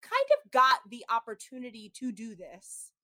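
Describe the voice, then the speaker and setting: Bright, chatty woman host. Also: fairly high pitch, wildly swooping pitch, normal speed, no echo. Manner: chatty, heavy use of "like", mimics people in quotes. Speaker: podcast host recapping a reality show. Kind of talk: casual chat.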